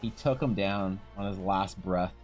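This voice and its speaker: A man streaming while he draws, telling a story in a loose, animated way. He swears, laughs and restarts often. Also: low-pitched, measured pace, soft background music. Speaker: streamer and artist.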